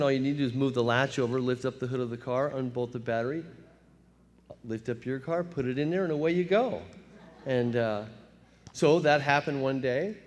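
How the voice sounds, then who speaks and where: A man in his fifties from telling his recovery story at a meeting, storytelling with self-mocking laughs and quick put-on voices for his younger self. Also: mid-range voice, darkish tone. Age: 50s. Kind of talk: personal testimony talk. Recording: long hall reverb.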